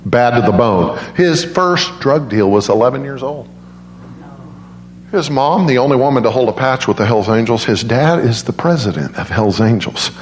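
A man preaching a sermon as a guest speaker, telling stories in an animated way and leaping into high voices for quoted people. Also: moderate pace, slight background noise. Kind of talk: storytelling sermon. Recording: roomy church echo.

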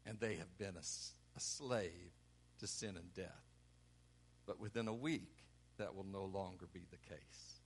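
Slow, dramatic male preacher. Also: low voice, slightly rough. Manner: dramatic, acts out quotes with sudden loud bursts. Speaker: pastor. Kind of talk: sermon.

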